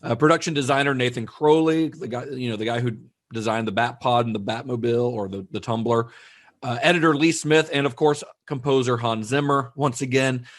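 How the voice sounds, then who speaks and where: A man's voice: mid-range voice, brisk. Chatty man co-hosting a movie podcast. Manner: chatty, with frequent fillers and restarts. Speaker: podcast co-host. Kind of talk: casual film discussion.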